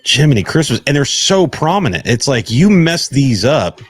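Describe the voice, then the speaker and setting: A man's voice: medium pitch, sing-song, normal speed, slightly rough, no echo, clean studio sound. A man co-streaming, chatting casually and chuckling as he teases. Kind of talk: casual live-stream chat.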